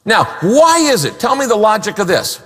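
Male pastor, high and expressive, emphatic sermon delivery, reverberant hall. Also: normal speed, breathy edge. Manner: animated, emphatic preaching with rhetorical questions.

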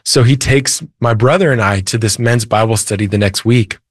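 A man's voice: mid-range voice, moderate pace, no room sound, clean studio sound. A man, a podcast guest, earnestly telling his faith testimony in conversation. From United States. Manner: earnest storytelling, with quoted dialogue and light laughs. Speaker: interview guest.

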